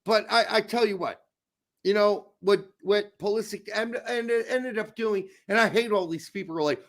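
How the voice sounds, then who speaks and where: On a casual sports podcast, a co-host with a strikingly high, gravelly voice delivers a profanity-laden rant that repeatedly explodes into heated outbursts. He speaks at normal speed with a fairly bright tone.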